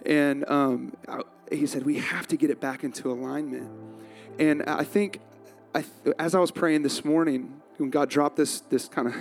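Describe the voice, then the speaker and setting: A man's voice: medium pitch, darkish tone. A male pastor preaching a sermon, telling a self-mocking story with frequent laughter.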